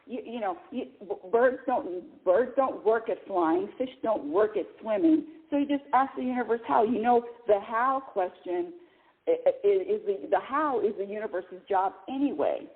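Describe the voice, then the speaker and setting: Heard through thin phone-line audio, a woman hosting call-in radio talks with emphasis and keeps repeating words. Her voice sits mid-range and moves at a moderate pace.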